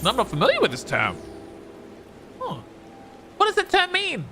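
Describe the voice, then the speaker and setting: A man's voice: extremely high pitch, wildly swooping pitch, normal speed, sharp tone. An Australian man streaming a game, chatty and giggly, rambling as he plays. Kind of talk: casual gaming commentary. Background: game music.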